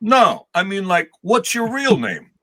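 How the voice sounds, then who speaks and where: A brash, streetwise tough guy with a New Jersey accent, as a man puts him on while telling a story. He is blunt and pushy, and his voice sits higher than the teller's usual talk. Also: animated, moderate pace, sharp tone.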